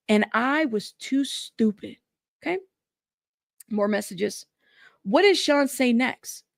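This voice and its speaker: A woman's voice: on the high side, gravelly, dry recording, studio quality. A woman hosting a news channel, reading court transcripts aloud and breaking off into sassy, chatty asides.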